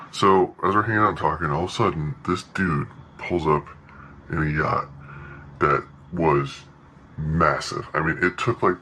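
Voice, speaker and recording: A man's voice: low-pitched, fairly bright tone, a little hiss or hum, low-quality recording. A man telling a laid-back story in a casual monologue, swearing freely and acting out quotes. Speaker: podcast host.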